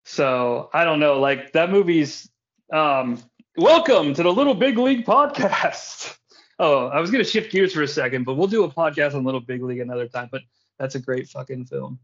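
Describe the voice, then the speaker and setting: A man's voice: medium pitch, brisk. A man hosting a podcast in casual chat, rambling and swearing often, laughing between thoughts. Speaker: podcast host. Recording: dull lo-fi sound.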